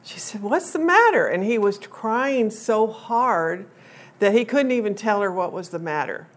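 Older woman telling a family story. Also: medium pitch. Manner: chatty, unhurried, with many um fillers and restarts. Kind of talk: personal storytelling to an audience.

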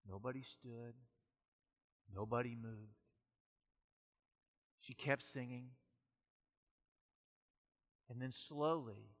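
A man preaching a sermon with great passion, moving between loud urgent passages and hushed quiet ones. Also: mid-range voice. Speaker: pastor. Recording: long hall reverb.

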